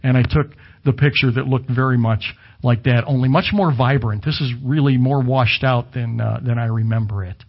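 A man's voice: medium pitch, fairly even intonation, moderate pace, dull audio. A middle-aged man preaching a sermon in a conversational way, with asides and self-corrections. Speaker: pastor. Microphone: camera video with slides behind him.

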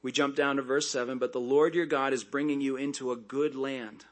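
A man preaching a sermon, reading scripture aloud and breaking off into conversational asides and quick jokes. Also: mid-range voice, steady tone. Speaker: pastor.

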